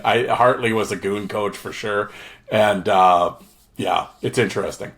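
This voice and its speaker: A man's voice: lowish voice, unhurried, a bit bright. A man co-hosting a podcast, reading a news article aloud and then chatting casually about it. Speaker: podcast co-host.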